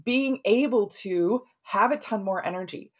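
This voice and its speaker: A woman's voice: mid-range voice, measured pace, husky. A middle-aged woman hosting a podcast, telling a client's story in a casual, conversational way and often ending sentences with "right?". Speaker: podcast host and health practitioner.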